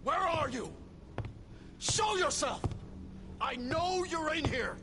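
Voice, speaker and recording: An actor playing a brutal, menacing middle-aged police chief in a video game, snarling threats with wide swings in pitch. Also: male voice, lively intonation, slow pace, background noise, full character voice. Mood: raging. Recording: game audio over loud music.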